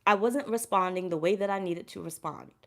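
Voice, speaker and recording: A woman's voice: medium pitch, brisk. A woman tarot reader giving a casual spiritual pep talk to camera. She speaks bluntly and emphatically, curses freely and repeats her points. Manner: blunt, emphatic, heavy cursing, repeats herself.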